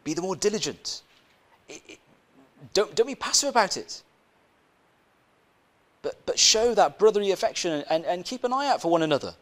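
A man preaching a sermon in an easy, conversational way, weaving in a personal story. His voice sits a little high and swings up and down a lot. He keeps asking his listeners questions and circles back over his own phrases. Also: animated, normal speed, pauses often, fairly bright tone. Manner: conversational, asks the congregation rhetorical questions, repeats phrases.

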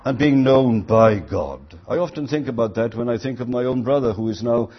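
Older husky man preaching a sermon. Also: medium pitch, normal speed, dull audio. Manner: earnest, builds to emphatic quoted lines.

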